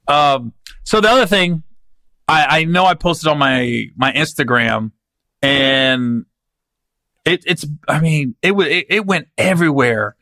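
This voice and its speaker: Speaking in a slightly high, unhurried voice with no echo, a comedian hosting his podcast rambles through comic stories. He's animated and slangy, frequently restarting as he goes.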